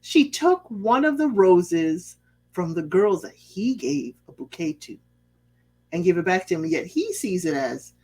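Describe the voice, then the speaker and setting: A woman's voice: medium pitch, measured pace, husky. A woman talks through a reality-show episode in a casual, gossipy way. Her voice swoops and bounces as she acts out what people said. She drops pointed, sassy asides to her listeners. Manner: sassy, chatty, drops asides and rhetorical questions; acts out quoted lines in a lively voice. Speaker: TV recap host.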